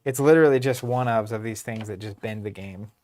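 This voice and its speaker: A young adult man co-hosting a livestream, calmly talking through cards as he builds a deck, with a dry sense of humor. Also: on the low side, fairly quick. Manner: relaxed, dry humor, lists card names. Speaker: stream co-host. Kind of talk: casual livestream chat while deckbuilding.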